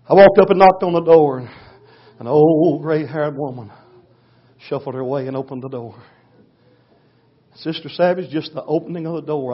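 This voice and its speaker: A man, a pastor preaching a storytelling sermon in a folksy way, going from hushed to loud. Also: medium pitch, slightly rough. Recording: dull lo-fi recording.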